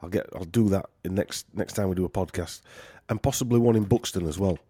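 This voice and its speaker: A man with a Yorkshire accent, rambling through a casual podcast chat. His voice sits a little low, and it is recorded close and dry with no room sound. He jokes around and leans on fillers and restarts. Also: brisk, dark tone, husky, no echo. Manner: rambling, joking, many fillers. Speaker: podcast host.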